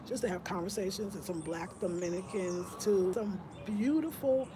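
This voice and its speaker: A woman hosting her home decor vlog, chatting in a rambling, excitable way and correcting herself as she goes. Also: medium pitch, normal speed, noisy background. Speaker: vlogger, home decor channel host. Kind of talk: casual vlog chat.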